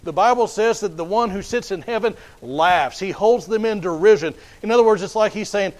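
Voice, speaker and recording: A man's voice: sits high, a little fast, hardly any pauses, darkish tone, rough recording. A man preaching a sermon in an emphatic, repetitive way, often restarting his phrases.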